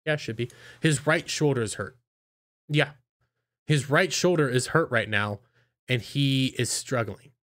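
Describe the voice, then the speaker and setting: A man's voice: medium pitch, measured pace, fairly bright tone. A man casually recapping and reviewing an anime episode, rambling with lots of fillers and acting out the characters' lines.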